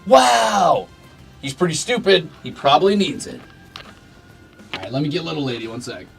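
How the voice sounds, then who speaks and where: A man's voice: on the high side, very animated, moderate pace, creaky, soft background music. A young man streaming, talking to and scolding his cats in a playful, teasing way. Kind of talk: casual chat with pets on stream. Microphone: desk mic.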